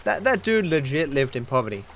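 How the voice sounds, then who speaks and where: A man's voice: a little high, sing-song, fairly quick, a bit bright, slight background noise. A man streaming a video game, chatting casually and rambling in reply to his chat. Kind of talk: casual livestream chat while gaming.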